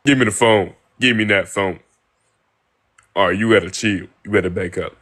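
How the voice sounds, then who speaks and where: A man's voice: fairly low pitch, normal speed, a bit bright. A young man from Ohio chatting casually with viewers on a live stream, laid-back slang, repeating himself, on a phone mic. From Ohio, United States.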